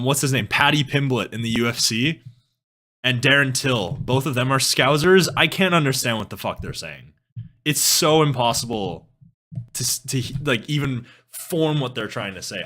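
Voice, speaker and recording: A young man from Canada chatting casually on a live stream, animated, laughing often and swearing freely. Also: mid-range voice. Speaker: music streamer.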